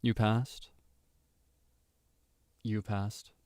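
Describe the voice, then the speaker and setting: A man doing a hushed, creepy teacher. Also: lowish voice, fairly even intonation, normal speed, dry recording, studio quality, lightly acted. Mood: softly creepy. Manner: gentle, hushed, lingering praise. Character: overly praising soft-spoken male teacher. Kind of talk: voice-over request reading.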